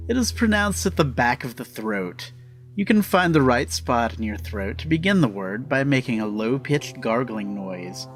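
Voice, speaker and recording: Lively man narrating an explainer. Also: mid-range voice. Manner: instructive, deliberate. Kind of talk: scripted narration.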